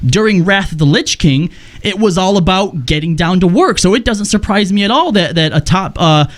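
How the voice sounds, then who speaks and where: A man on a gaming podcast who makes quick, wry remarks in casual chat. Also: high voice, lively intonation. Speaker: podcast co-host.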